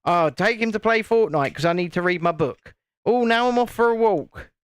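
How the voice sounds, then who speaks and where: A breezy, self-absorbed woman, put on by a British man in a sing-song, airy voice pitched well up and a touch louder. The sound is close and dry. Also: lively intonation, moderate pace, smooth, no echo. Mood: mocking.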